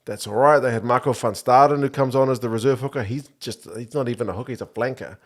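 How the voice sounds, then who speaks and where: A man's voice: medium pitch, fast. A man, co-hosting a casual podcast chat and laying out facts and figures. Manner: matter-of-fact, brings stats and detail. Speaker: podcast co-host.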